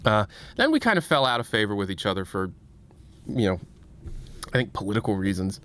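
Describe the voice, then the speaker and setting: A man's voice: fairly low pitch, sing-song, fairly quick, fairly bright tone. Rambling, self-mocking male streamer. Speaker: livestream host. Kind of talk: casual stream chat.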